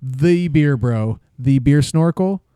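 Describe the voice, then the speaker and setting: Flustered rambly podcast dude, warm low-key voice. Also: male voice, takes it slowly, clean tone, no room sound, clean studio sound. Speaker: podcast co-host. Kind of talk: casual banter.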